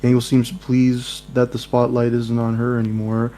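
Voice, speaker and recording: A man's voice: medium pitch, normal speed, soft background music. A young man reading a dating-sim game aloud with friends, joking and laughing between lines. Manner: laughing, jokey, animated asides. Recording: mains hum behind.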